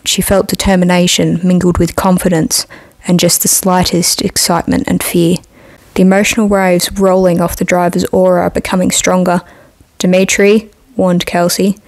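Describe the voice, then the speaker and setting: A woman author narrates her own novel in a steady storybook reading. Her voice is low and gravelly and stays in a narrow, even range. The recording is dry and close. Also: dry recording.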